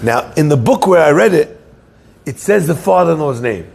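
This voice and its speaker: A man's voice: on the high side, normal speed, creaky, a little hiss or hum. A man preaching as a rabbi, telling a story in his sermon and putting questions to his listeners. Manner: animated storyteller who asks the listeners questions.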